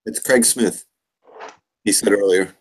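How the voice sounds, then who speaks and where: A man's voice: fairly low pitch, fairly even intonation, unhurried, slight background noise. A man hosting a casual live stream chat, loose and joking, laughing often.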